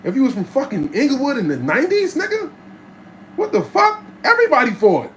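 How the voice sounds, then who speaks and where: A man telling stories from his life in a casual monologue, streetwise and animated, swearing freely and acting out the voices of people in his stories. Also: very high voice, brisk, slight background noise, poor audio. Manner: streetwise, animated storyteller who acts out voices and cusses freely.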